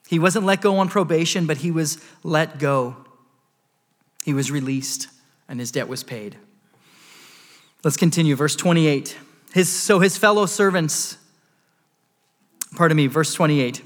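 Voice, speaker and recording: A man's voice: a little high, big-room sound. A pastor preaching a sermon, earnest, stumbling over words and restarting as he explains scripture.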